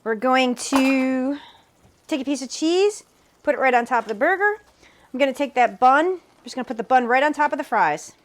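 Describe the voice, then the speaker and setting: A woman's voice: sits high, expressive, moderate pace, a little hiss or hum. A woman hosting a home cooking video, narrating each step with upbeat enthusiasm. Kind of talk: cooking demonstration.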